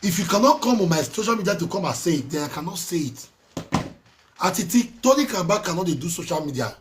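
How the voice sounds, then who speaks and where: A man with a Nigerian Pidgin English accent, scolding and ranting in a heated monologue with swings between loud and soft. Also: sits high, expressive, fast, a little hiss or hum. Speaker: social media commentator.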